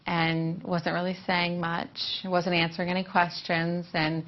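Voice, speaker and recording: A woman's voice: on the low side, flat delivery. Woman giving an emotional personal testimony. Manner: emotional, quietly halting. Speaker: former surrogate mother telling her story. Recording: dull muffled audio.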